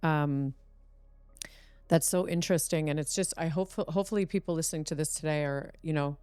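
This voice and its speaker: A woman's voice: low voice, fairly even intonation, a little fast, warm tone, clean tone, dry recording. A woman hosting a podcast, asking her guest questions in a thoughtful, hesitant way with many fillers. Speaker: podcast host. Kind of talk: casual interview questions.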